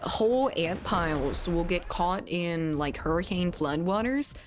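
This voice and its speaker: A woman with a Southern US accent streams a game, her voice on the low side with lively intonation and a slightly slow pace, over background noise. Chatty and playful with frequent laughs, she talks casually and reads chat aloud.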